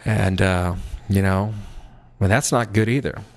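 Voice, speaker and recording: A man's voice: on the low side, fairly even intonation, unhurried. Young man telling a rambling comic story. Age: young adult. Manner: rambling, self-mocking, full of asides. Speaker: podcast host.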